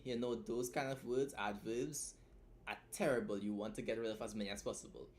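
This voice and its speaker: A young man streams a relaxed tutorial on editing, talkative and loose despite being tired from a long night, often adding "right?" to his points. He speaks at medium pitch, with a little hiss or hum audible.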